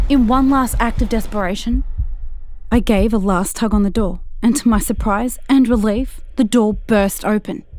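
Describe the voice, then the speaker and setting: A woman with a fairly high voice narrates a scripted first-person horror story. Her delivery is tense and hushed, at times slowing down or sinking to a whisper.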